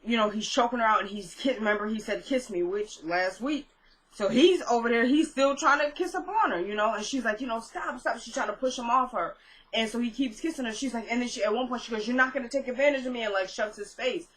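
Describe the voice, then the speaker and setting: A young woman chatting through a casual recap of a TV episode, retelling scenes in an animated way with lots of fillers. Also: on the high side, fairly quick, rough recording. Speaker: TV episode reviewer.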